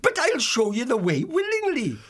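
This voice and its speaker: A cheerful old dormouse rattles on in homely country talk. His voice sits high and swings up and down all the time. He sounds friendly, lonely and endlessly chatty in a storybook drama. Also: huge pitch swings, moderate pace, a bit bright, slightly rough, heavily acted. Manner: rustic folksy speech, rambling and friendly. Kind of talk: full-cast audiobook acting.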